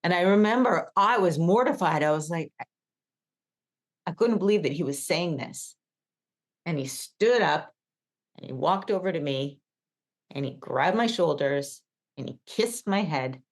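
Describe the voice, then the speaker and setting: A middle-aged woman on a podcast, telling a personal story in a casual, animated way with many fillers. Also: fairly low pitch, unhurried, long pauses. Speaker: podcast co-host.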